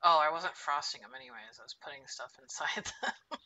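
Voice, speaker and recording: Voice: mid-range voice, lively intonation, a little fast, bright, forceful tone. A streamer chatting casually on a live stream at home, muttering to themself while they cook.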